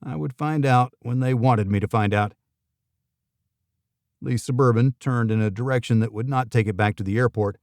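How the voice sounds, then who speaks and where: Male audiobook narrator, gravelly and dry, first-person thriller read on a close studio mic. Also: mid-range voice, moderate pace, a little mellow, no echo.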